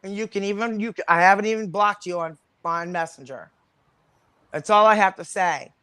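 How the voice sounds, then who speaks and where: A woman's voice: mid-range voice, normal speed, a bit bright, clear, resonant tone, no echo. A woman on a livestream panel, delivering an angry, confrontational rant full of swearing.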